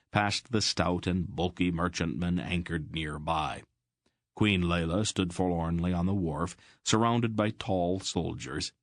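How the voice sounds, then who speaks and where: A man narrating a fantasy audiobook in a steady, even storytelling manner. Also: sits low, no room sound, studio quality. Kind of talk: scripted narration.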